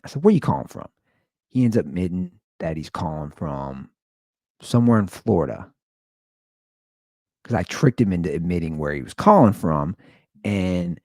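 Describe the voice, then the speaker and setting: Male podcast host, ranting storyteller, very lively pitch swings, dry close sound. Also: no echo. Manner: animated, profane, swings between loud outbursts and low asides.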